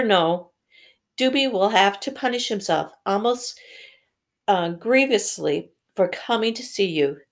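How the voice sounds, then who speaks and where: A woman reading aloud slowly, voicing a timid, anxious male house elf who keeps calling the listener sir. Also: mid-range voice. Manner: earnest, pleading, keeps saying sir.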